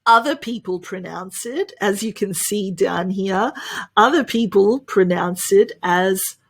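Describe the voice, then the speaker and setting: An Australian woman teaching English pronunciation in an online lesson, cheerful, often laughing and drilling words slowly. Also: medium pitch, vocal fry, slightly rough.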